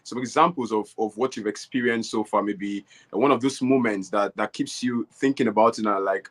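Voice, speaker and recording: A man's voice: mid-range voice, brisk, few pauses. A man interviewing a guest, hesitant, often searching for words. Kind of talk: conversational interview.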